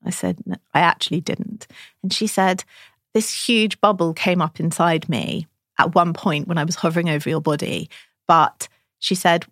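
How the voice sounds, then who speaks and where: A woman's voice: on the low side, dry recording, studio quality. A woman who works as a doula, chatting casually on a podcast and telling a story, acting out what others said to her. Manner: animated storyteller quoting others.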